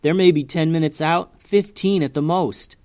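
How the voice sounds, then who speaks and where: A man's voice: a little high, steady tone, moderate pace, a little mellow, no echo, clean studio sound, pitched above the performer's own voice, close to an everyday voice. A man voicing a young male hero in a read-aloud story, matter-of-fact. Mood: reporting.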